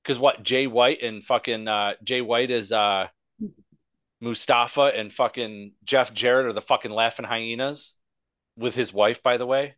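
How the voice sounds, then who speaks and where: A man's voice: mid-range voice, fairly even intonation, a little slow, fairly bright tone, no echo. A man co-hosting a casual wrestling podcast, ranting sarcastically and swearing constantly. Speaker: podcast co-host.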